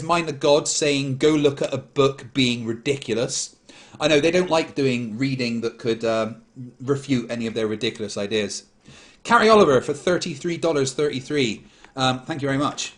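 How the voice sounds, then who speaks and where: Man, livestream host, blunt, mid-pitched voice, reading viewer messages. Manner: blunt, dismissive. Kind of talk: casual livestream chat reading super chats.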